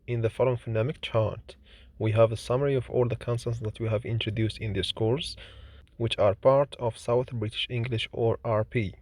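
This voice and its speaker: With no room sound in the recording, this phonetics lecturer reads out example words individually, pacing them slowly and deliberately for repetition. His voice is medium in pitch, darkish, and fairly even in intonation.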